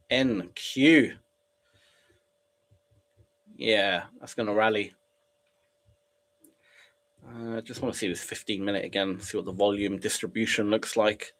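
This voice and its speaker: A man's voice: on the low side, fairly even intonation, measured pace, long pauses. Sniffly man chatting on stream. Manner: casual, chatty, reads chat aloud and reacts. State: sniffly with a cold. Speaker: day trader streaming live. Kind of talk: live trading stream commentary.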